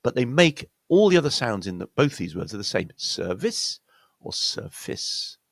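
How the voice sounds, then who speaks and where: Gravelly British man teaching pronunciation. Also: mid-range voice, sing-song, no echo. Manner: explains slowly with many fillers and self-corrections. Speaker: accent coach. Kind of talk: pronunciation lesson.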